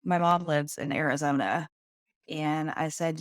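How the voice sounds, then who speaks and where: Candid woman guest with a low voice. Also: fairly even intonation, unhurried, no echo, studio quality. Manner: candid, earnest. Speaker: podcast guest. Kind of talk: personal storytelling.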